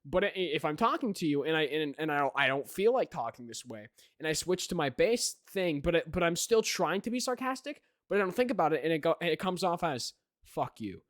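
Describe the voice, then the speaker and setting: A man's voice: on the high side, lively intonation, brisk, few pauses, fairly bright tone, no echo, clean studio sound. A young man co-hosting a podcast, chatting casually and rambling, with many restarts and "right?" tags. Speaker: podcast co-host. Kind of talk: casual chat.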